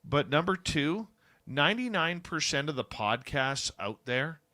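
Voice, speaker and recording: Male radio host, bright close dry sound, chatty and informal, upbeat promo reads. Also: on the high side, big pitch swings, a little slow, dry recording. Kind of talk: casual radio chat and show promos.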